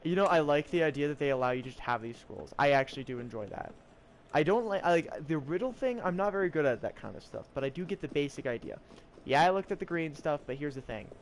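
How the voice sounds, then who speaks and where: A man's voice: a little high, lively intonation, quick pace, slight background noise. A young man chatting casually while playing a game, reading riddles aloud and joking with mock French phrases. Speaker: gameplay streamer. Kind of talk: casual gameplay commentary.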